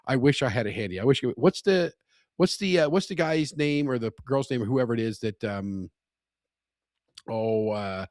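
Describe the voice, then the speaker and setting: A man's voice: medium pitch, animated, moderate pace, darkish tone, no room sound, studio quality. A man co-hosting a casual podcast chat, teasing and laughing often, rambling with frequent restarts. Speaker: podcast co-host.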